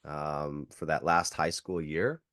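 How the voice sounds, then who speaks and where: Guy in his thirties, low voice, chatty storyteller who leans on "like" and acts out quotes. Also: steady tone, takes it slowly, fairly bright tone, no room sound, studio quality. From Canada. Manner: filler-heavy, acts out quotes. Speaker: podcast guest, jiu-jitsu coach. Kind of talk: casual storytelling.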